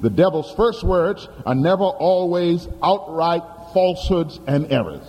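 Brief: male preacher, animated sermon with sudden swoops in pitch, calls to the congregation, mellow tone, echoing church hall. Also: moderate pace, hardly any pauses, a little hiss or hum. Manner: dramatic storytelling with sudden leaps in pitch. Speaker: pastor.

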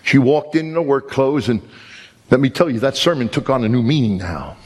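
A man's voice: mid-range voice, animated, normal speed, darkish tone, slightly rough, long reverb tail. A man preaching a sermon, telling stories with emphatic rises and repeated words. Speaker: pastor.

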